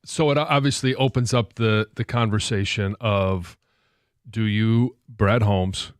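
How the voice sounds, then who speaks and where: A man co-hosting sports talk radio in a studio, talking in a measured, analytical way with a few fillers. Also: on the low side, fairly even intonation, no room sound.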